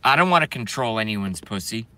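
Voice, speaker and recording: A brash young man ranting on a live stream, swearing freely and rambling between viewer comments. His voice is bright and forceful, and it sounds dry and close. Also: fairly low pitch, lively intonation, brisk, no echo.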